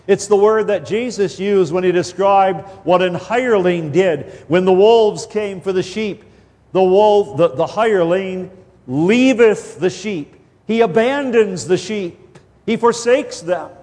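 Heard through long hall reverb, this preacher's high, slightly mellow voice works through an expository sermon at a measured, deliberate pace. He emphasizes important words and sometimes says things twice to drive his point in.

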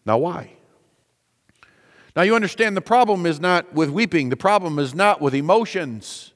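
Slow, deliberate male preacher in a reverberant hall. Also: fairly high pitch, very animated. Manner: deliberate preaching with repeated phrases and rhetorical questions. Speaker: pastor. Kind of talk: sermon.

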